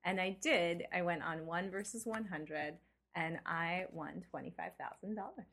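A woman game designer, a guest in a casual interview, telling anecdotes in a lively way and laughing easily. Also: fairly low pitch, moderate pace, vocal fry.

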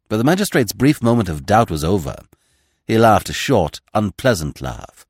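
A man's voice: low-pitched, sing-song, normal speed, dry recording, clean studio sound. A man giving a dramatic scripted reading of a classic mystery novel. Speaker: audiobook narrator. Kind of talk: scripted narration.

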